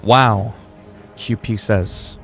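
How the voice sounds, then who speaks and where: A man's voice: lowish voice, fairly even intonation, drawn-out words, faint music behind. A man livestreaming and chatting casually while gaming, opinionated and rambling, swearing freely.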